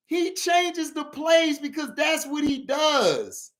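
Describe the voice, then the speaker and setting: Man, sports vlog host, casual rant, high voice, very lively swings, laughs a lot, shouts points. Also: drawn-out words, pauses often. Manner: animated, laughs often, shouts for emphasis.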